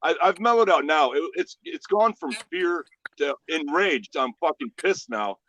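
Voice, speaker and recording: A man hosting a casual livestream, telling stories in a profane, animated way. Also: on the high side, normal speed, muffled recording. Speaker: livestream host. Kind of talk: casual chat.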